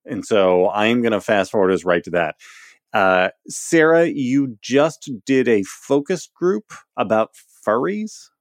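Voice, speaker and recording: A man's voice: lowish voice, expressive, measured pace, no room sound, clean studio sound. A man hosting a podcast, joking and blunt in casual chat. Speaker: podcast host.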